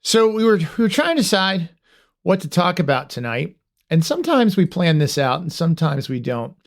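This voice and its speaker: A man's voice: high-pitched, sing-song, moderate pace, vocal fry. A man hosting a podcast in casual, joking, self-deprecating chat. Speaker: podcast host.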